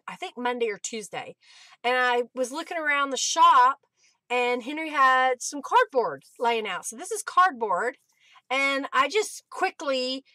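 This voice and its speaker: A woman's voice: high voice, pushed and bright, no room sound. A woman hosting a casual crafting livestream, chatting, laughing often and greeting viewers by name. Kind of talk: casual live-stream chat while crafting.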